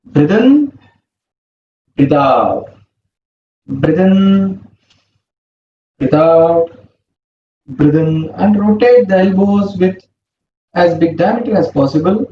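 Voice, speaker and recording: Leading guided yoga, this man paces every breathing cue slowly and calmly. He's fairly far off the mic, and his voice runs high for a man. A faint hum sits under the roomy, somewhat muffled sound.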